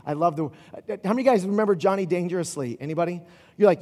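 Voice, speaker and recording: Guy preaching casually, bit high voice, rambles through a movie story, big echoey church. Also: racing. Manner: animated storytelling with asides and restarts. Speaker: pastor. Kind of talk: casual sermon.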